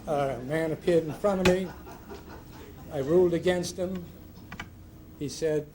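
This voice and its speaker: A man's voice: fairly high pitch, a little slow, long pauses. An older man, a judge, telling humorous anecdotes at a ceremony with dry storytelling and punchline timing. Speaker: retired judge giving a speech. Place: ceremony hall with a live audience. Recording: noisy hall recording.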